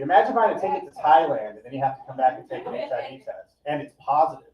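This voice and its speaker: A man doing a stand-up set at a live comedy event, with a deadpan, profane, rambling delivery. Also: mid-range voice, fast talker, hardly any pauses. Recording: echoey, distant, dull live recording.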